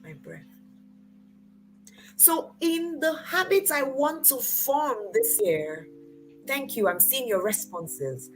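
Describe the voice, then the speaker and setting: A woman in her forties hosting a motivational talk, engaging her audience with questions she answers herself, swinging between loud emphatic bursts and soft near-whispers. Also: high-pitched, big pitch swings, takes it slowly, pauses often, faint music behind, poor audio. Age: 40s. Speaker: host.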